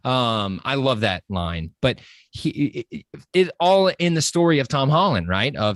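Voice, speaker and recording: A man chatting excitedly on a podcast, full of enthusiasm and rushing from point to point with many fillers. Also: mid-range voice, no room sound, studio quality. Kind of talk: casual podcast chat.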